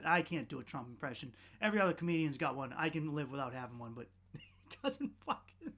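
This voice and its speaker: A man hosting a podcast, delivering a sardonic, profane comedic rant that rambles, restarts and swings between loud outbursts and muttered asides. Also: a little high, sing-song, brisk. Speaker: podcast host.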